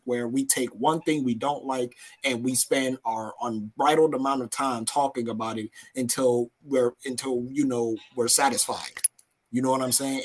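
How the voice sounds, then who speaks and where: A man co-hosting a podcast, with a husky, slightly rough voice. He speaks bluntly and forcefully and swears often. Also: medium pitch. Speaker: podcast co-host. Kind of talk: casual opinion talk.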